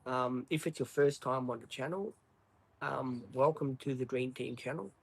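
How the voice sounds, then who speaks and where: A man's voice: mid-range voice, normal speed, slightly rough, rough recording. An Australian man hosting a livestream, chatting casually, apologetic and rambling with many ums. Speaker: livestream host. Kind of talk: casual live-stream chat.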